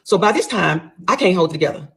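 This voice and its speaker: A middle-aged woman tells a personal story to her listeners. She talks fast and with emphasis, and her voice has a husky edge. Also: fairly low pitch, lively intonation. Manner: emphatic, addresses listeners as y'all.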